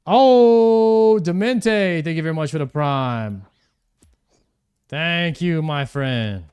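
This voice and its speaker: A man's voice: a little high, lively intonation, slow pace, a little mellow, clean tone. A man streaming a video game live, chatting casually and thanking viewers by name.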